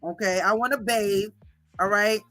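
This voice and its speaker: A woman hosting a livestream, gossiping and reading chat in a loud, profane, laughing manner. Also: medium pitch, moderate pace. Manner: animated, profane, laughing often. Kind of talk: casual gossip commentary.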